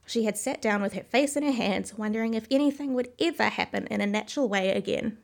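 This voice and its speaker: A woman reads a storybook aloud in a measured, expressive voice. The voice sits a touch high and carries a gravelly fry. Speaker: narrator. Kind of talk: storybook reading.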